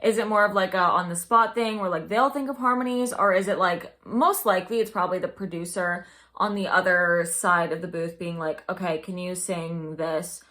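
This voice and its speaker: A woman's voice: on the low side, steady tone, normal speed, bright, forceful tone. A young woman songwriter chatting casually as she reacts to an album, bubbly and full of "like".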